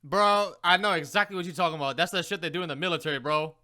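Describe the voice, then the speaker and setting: A man's voice: on the high side, bright, forceful tone. A man co-hosting a podcast, talking bluntly in casual chat and swearing freely. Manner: blunt, swears, quick reactions. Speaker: podcast co-host.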